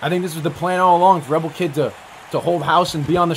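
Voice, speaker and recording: A man giving excited, profane play-by-play commentary on a wrestling match, often breaking into yells. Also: on the high side, fast talker, a little hiss or hum.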